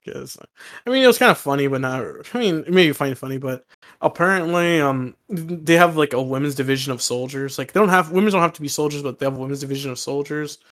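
A man's voice: fairly high pitch, quick pace, a bit bright. A man co-hosting a podcast, telling rambling anecdotes in casual chat. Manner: rambling storyteller, loose fillers. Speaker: podcast co-host.

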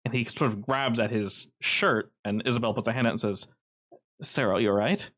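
A man running a tabletop role-playing game, narrating scenes in a steady, descriptive way. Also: medium pitch, fairly quick. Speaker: game master.

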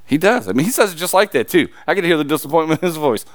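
Impassioned preacher man with lively pitch. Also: racing, no room sound, clean studio sound. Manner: impassioned preaching, swings from loud emphasis to low confiding asides. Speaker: pastor. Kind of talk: sermon.

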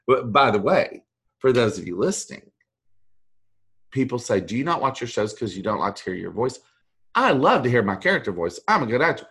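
Husky middle-aged man telling animated stories. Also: medium pitch, a little fast. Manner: animated storyteller, mimics voices, self-deprecating. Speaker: voice actor guest. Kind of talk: casual interview chat.

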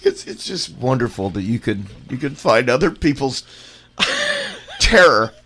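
A man's voice: medium pitch, sing-song, unhurried, bright, forceful tone, breathy edge. A man hosting a casual chat, reacting and asking follow-up questions.

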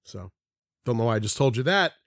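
A man's voice: medium pitch, sing-song, fairly quick, vocal fry, a bit bright, dry recording, clean studio sound. A middle-aged man from the Philadelphia area, co-hosting a podcast in casual chat, rambling through stories with frequent restarts and plenty of swearing. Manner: rambling storyteller, swears freely, restarts often. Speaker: podcast co-host.

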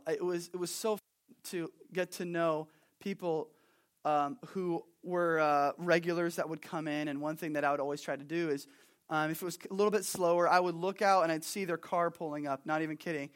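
A young pastor with a notably high voice preaches a little fast, addressing the congregation as though chatting with friends. Animated and casual, he slips into acted-out asides before returning to plain talk.

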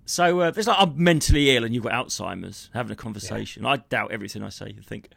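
A man, a comedian co-hosting a podcast, telling stories and ranting in a sweary, animated way. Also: mid-range voice, fast, vocal fry, slightly rough, dry recording, studio quality. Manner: sweary, ranting, jumps between impressions and storytelling. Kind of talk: casual comedy chat.

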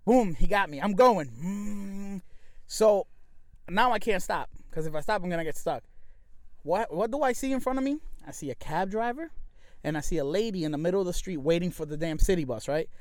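A man's voice: high voice, a little fast, no room sound. A young man telling a long, profane story, acting out what everyone said. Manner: profane, animated storytelling, acts out quotes. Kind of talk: casual chat.

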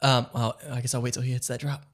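A man's voice: mid-range voice, little pitch movement, quick pace. A man co-hosting a casual podcast, joking and teasing in an easygoing way. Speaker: podcast co-host.

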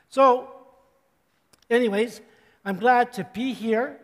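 Older man preaching with a slightly hoarse voice. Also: extremely high pitch, drawn-out words, a bit bright, big-room sound. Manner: joking, chatty, clears throat often. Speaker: pastor. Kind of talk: sermon.

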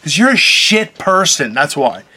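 A male comedian holding forth in a casual chat. His voice sits a little high with a bright, forceful edge, and he talks bluntly, swears freely and lays down mock-stern rules. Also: sing-song, a little slow.

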